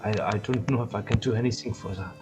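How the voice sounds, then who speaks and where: A man's voice: on the low side, quick pace, music in the background, natural voice. A man voicing a grateful, gracious male town priest who speaks formally and courteously.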